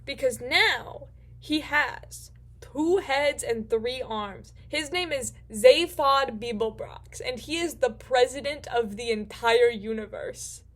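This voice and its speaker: A woman hosting a casual book recap, rambling and excitable and swearing freely. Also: high-pitched, slow. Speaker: host.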